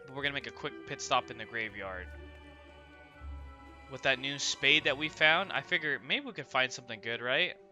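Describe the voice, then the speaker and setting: Brief: young male gaming host, very bright and crisp, joking casual commentary, faint game music behind. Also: mid-range voice, expressive, normal speed. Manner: chatty, jokey, asks viewers "right?".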